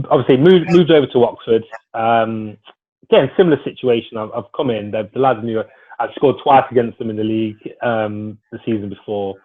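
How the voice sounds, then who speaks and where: A man, a former footballer telling stories in a casual, rambling way with lots of restarts. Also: on the low side. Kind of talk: casual storytelling interview. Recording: phone-like narrow sound.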